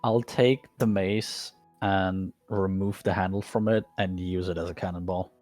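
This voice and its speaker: Low-voiced man mulling his moves. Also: steady tone, a little mellow, no room sound, faint music behind. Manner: halting, restarts while deciding actions. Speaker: player. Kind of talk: casual tabletop game chat.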